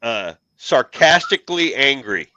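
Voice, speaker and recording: A man swaps garage stories in an easy, casual chat, poking fun at his own mistakes. His voice is very bright and forward. The sound is dry and close, with no room around it. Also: mid-range voice, sing-song, unhurried, dry recording, dull audio. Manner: self-mocking storyteller, swears casually. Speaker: car hobbyist show host.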